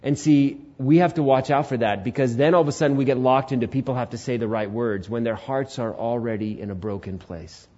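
A man in his twenties preaching a sermon, telling the story in a lively way and swinging between loud bursts and hushed lines. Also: mid-range voice, brisk, hardly any pauses, muffled recording. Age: 20s. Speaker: pastor.

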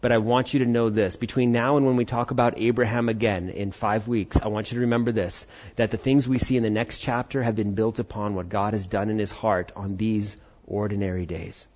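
A man's voice: on the low side, brisk, hardly any pauses. Earnest preacher man, muffled sound. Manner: earnest, animated preaching with rising emphasis. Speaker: pastor. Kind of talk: sermon. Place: church service.

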